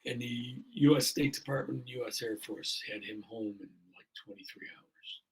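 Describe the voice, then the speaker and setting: A fire chief in his sixties tells a story in a very gravelly, deeply husky voice. He talks in a casual, earnest way, wandering through fillers as he goes. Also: moderate pace, poor audio. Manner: earnest, rambling with many fillers. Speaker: fire chief, podcast guest. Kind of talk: casual storytelling in a podcast interview.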